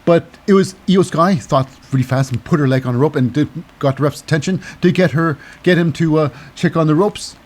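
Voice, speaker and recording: A man's voice: fairly high pitch, fairly quick, darkish tone. Rambling, cynical male show host. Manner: rambling, digressive, cynical, lots of fillers. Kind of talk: casual wrestling recap commentary.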